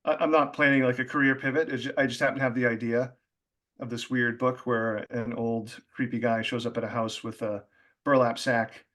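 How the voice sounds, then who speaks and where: A man's voice: mid-range voice, level tone, fairly quick, fairly bright tone. A man, an author as guest, talking in a casual, rambling way with many fillers. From Boston area. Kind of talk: casual conversation.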